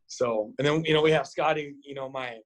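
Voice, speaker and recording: A middle-aged man from Nebraska, a boxing coach and podcast guest, telling stories in a casual way, acting out quotes with big jumps in pitch and swearing freely. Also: fairly quick. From Nebraska, USA. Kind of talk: casual storytelling.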